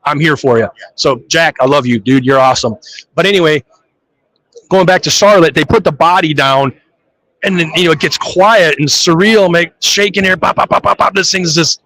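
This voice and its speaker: A man's voice: on the high side, moderate pace, a bit bright, rough recording. A man who drives funny cars, telling stories in a live interview and acting out his own reactions. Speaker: funny car drag racer. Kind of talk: live trade show interview.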